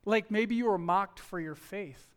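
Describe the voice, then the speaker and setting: A middle-aged man with a high, clean-toned voice preaches unhurriedly, telling a personal story conversationally and acting out its quoted dialogue.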